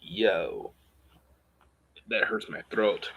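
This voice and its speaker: A young man chatting casually in a vlog at home, rambling and hesitant, with a gravelly, husky voice on a webcam or phone mic. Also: deep voice, animated, extremely slow, narrow, tinny audio. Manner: rambling, hesitant, lots of fillers. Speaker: vlogger.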